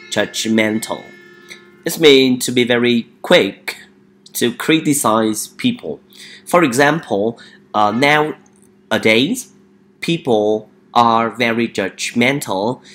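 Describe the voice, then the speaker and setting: A man's voice: medium pitch, fairly bright tone. A man teaching an English vocabulary lesson. He often hesitates and repeats each word for the listener to drill.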